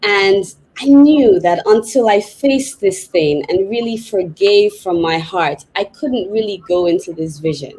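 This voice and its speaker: A woman psychotherapist, a podcast guest, telling a personal story in a lively, vivid way. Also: medium pitch, unhurried, hardly any pauses, rough recording. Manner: animated, vivid retelling with laughs.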